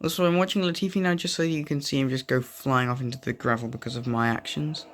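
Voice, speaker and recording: A man's voice: mid-range voice, fairly even intonation, fast, a little hiss or hum. A young man giving casual, rambling commentary over racing game footage, often drifting off on tangents. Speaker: gaming video creator.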